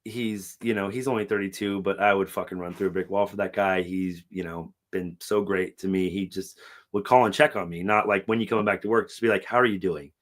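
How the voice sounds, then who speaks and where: A middle-aged man on a podcast, talking casually and emotionally, swearing often and acting out quotes loudly. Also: deep voice, steady tone, a little fast. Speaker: podcast co-host.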